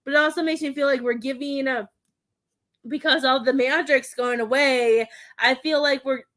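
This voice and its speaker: A woman's voice: high-pitched, steady tone, moderate pace, fairly bright tone. A woman working as a psychic medium, chatting through a live tarot and mediumship reading in a giggly, rambling way with many fillers.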